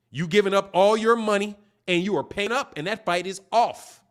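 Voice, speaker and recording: A man's voice: high-pitched, normal speed, hardly any pauses. A man hosting a boxing channel livestream, ranting casually in slangy, profane, mocking talk and laughing often.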